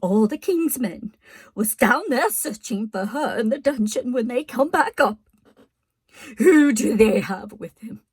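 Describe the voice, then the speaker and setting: A woman's voice: fairly high pitch, animated, a little slow, husky. A woman doing a blunt, scornful castle keeper. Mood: dismissive. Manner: harsh, dismissive, plain-spoken.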